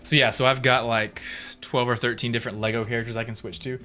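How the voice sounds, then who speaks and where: A man's voice: mid-range voice, level tone, quick pace, few pauses, bright, forceful tone. Brief: man in his thirties, casual stream chat, rambling and chatty, mid voice, faint music underneath. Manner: rambling, laughs often, reads chat aloud. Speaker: livestreamer.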